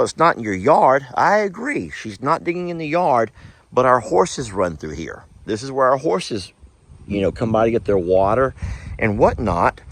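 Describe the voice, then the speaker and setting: A man with a Texan accent hosting a casual ranch vlog outdoors in a pasture, chatting in a folksy way straight to his viewers. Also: mid-range voice. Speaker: ranch vlogger, host.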